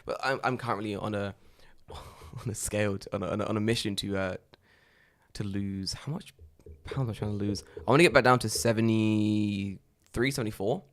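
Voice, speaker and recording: A man co-hosting a podcast, telling stories in a loose, animated way and swearing often. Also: on the low side, normal speed. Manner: animated storyteller, swears a lot. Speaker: podcast co-host. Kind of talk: casual chat.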